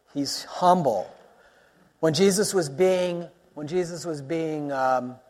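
A man preaching a sermon as a pastor, in an animated teaching style with quick asides and rising exclamations. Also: on the high side, big-room sound.

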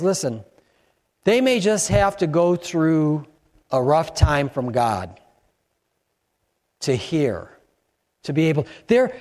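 High-voiced pastor preaching in a hall. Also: male voice. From Chicago. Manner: animated preaching, rising to shouts for emphasis. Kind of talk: sermon. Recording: long hall reverb.

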